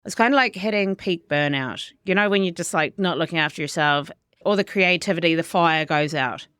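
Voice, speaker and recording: A middle-aged woman with a New Zealand accent, a chef chatting casually as an interview guest, lively and full of quoted asides. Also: fairly low pitch, fairly quick, clean tone, dry recording, clean studio sound.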